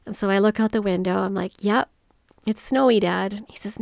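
A woman's voice: medium pitch, moderate pace, gravelly, a little mellow, dry recording, clean studio sound. A woman hosting a solo motivational podcast, telling a personal story in an earnest, reflective way. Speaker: podcast host.

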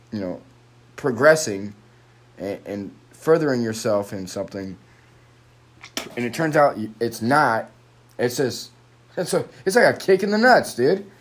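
A man's voice: mid-range voice, darkish tone. A young man ranting alone on a podcast, swearing constantly and rambling in frustration, recorded on a phone microphone. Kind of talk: frustrated solo podcast rant.

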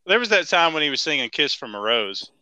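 A woman's voice: low voice, very animated, brisk, background noise. A woman host in a casual interview, laughing often and asking quirky questions.

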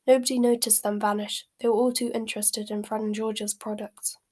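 A woman's voice: medium pitch, flat delivery, brisk, a little mellow, breathy edge. Woman reading aloud, fixing her slips. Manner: stumbles and corrects herself, laughs at slips. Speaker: reader.

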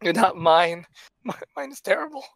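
A man co-hosting a casual chat, animated, laughing often and talking with plenty of fillers and restarts. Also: sits high, moderate pace, vocal fry, dry recording. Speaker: podcast co-host.

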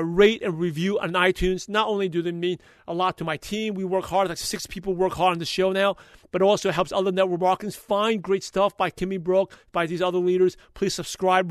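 A man hosting a podcast, recapping an episode in an energetic, motivational way and talking fast when passionate. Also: high-pitched, no echo, studio quality. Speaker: podcast host.

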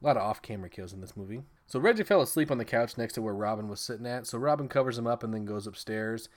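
A man hosting a casual film podcast talks quickly at a mid pitch. He rambles through scene recaps with profanity and bursts of laughter. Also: animated. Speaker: podcast host reviewing films.

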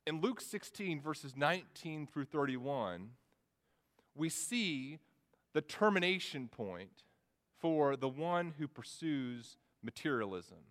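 A man's voice: on the high side, animated, slow, a bit bright. A man preaching a sermon, earnest and repeating words as he goes. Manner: earnest, with frequent word repetitions. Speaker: pastor. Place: church sanctuary. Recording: long reverb of a church hall.

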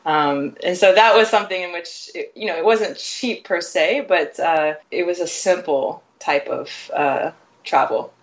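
A woman's voice: lowish voice, a little slow. American woman guest talking things through, lots of um and uh, muffled lo-fi call sound. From Nashville, Tennessee, US. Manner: thoughtful, frequent fillers and restarts. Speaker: guest, educator. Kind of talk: remote podcast interview.

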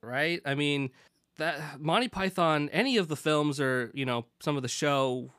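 Bright, crisp-voiced American podcast host. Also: male voice, fairly high pitch, a little slow, no echo, clean studio sound. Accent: Pacific Northwest American. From born in Britain, raised in the Pacific Northwest. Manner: rambling, self-deprecating, lots of fillers. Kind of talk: casual podcast chat.

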